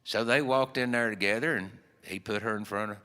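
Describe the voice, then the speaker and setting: Folksy Appalachian storyteller in a hall. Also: male voice, fairly low pitch, a little fast, pushed and bright. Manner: folksy, rambling with fillers. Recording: long hall reverb.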